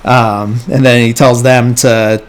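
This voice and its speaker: Slow-talking man recapping a movie. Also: medium pitch, flat delivery, clear, resonant tone. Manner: loose, rambling retelling that briefly acts out character lines. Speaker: podcast host. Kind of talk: casual movie plot recap.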